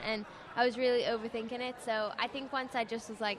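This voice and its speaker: A shy young woman with an English accent, answering interview questions in a soft, hesitant way, full of fillers. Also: fairly high pitch, little pitch movement, brisk. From England. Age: young adult. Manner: shy, soft-spoken, trails off with many fillers. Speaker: singing contestant guest. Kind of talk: casual radio interview answers. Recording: crowd chatter at a busy event. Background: event crowd.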